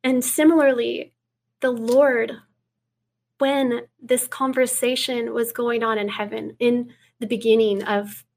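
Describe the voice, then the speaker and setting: Woman with a high voice, preachy earnest interview talk, reads scripture, goes hushed on quotes. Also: level tone, slow pace, gravelly. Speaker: guest speaker.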